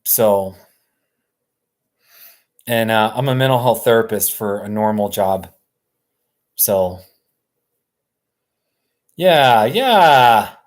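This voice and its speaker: A man hosting a live stream from his couch, chatting casually in a relaxed, rambling way and chuckling often. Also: on the low side, extremely slow, long pauses. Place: sitting on a couch at home.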